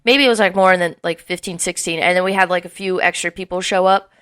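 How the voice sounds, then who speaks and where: A woman's voice: fairly low pitch, fast talker, clean tone. A young woman co-hosting a podcast, telling a long party story in casual chat, swearing freely and acting out what people said. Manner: animated storyteller, swears freely, acts out quotes. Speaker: podcast co-host.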